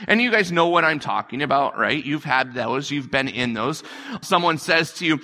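A man's voice: medium pitch, animated, moderate pace, sharp tone. A male pastor preaching a conversational sermon, repeating phrases and acting out quotes.

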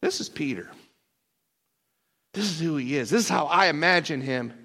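A man's voice: fairly high pitch, expressive, normal speed, bright, forceful tone, big-room sound. A man preaching a sermon, making plain explanatory asides.

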